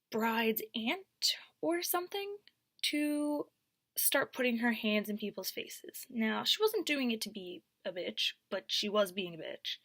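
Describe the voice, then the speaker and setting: Animated young woman telling a story. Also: a little high, no echo, studio quality. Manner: animated, swings from whispers to near-shouts. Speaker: vlogger. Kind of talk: storytime vlog.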